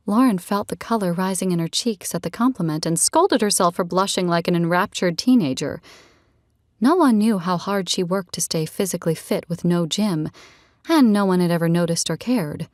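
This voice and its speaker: A woman narrating a romance novel in a measured, steady storytelling voice. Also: fairly low pitch, dry recording, studio quality. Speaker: audiobook narrator. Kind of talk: scripted narration.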